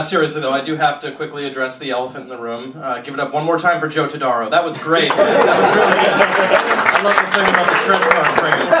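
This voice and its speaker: A man's voice: a little high, heavy background noise. A young man doing a stand-up set on a comedy club stage, ranting in a sarcastic, profane way. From Boston area, USA. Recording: roomy club sound from a distance, loud crowd laughter.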